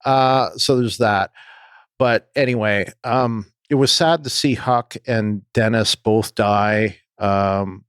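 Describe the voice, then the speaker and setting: Slow, low-voiced man on a podcast. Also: fairly even intonation, smooth, dry recording, clean studio sound. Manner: halting, many ums and restarts. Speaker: podcast co-host. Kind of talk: casual podcast discussion.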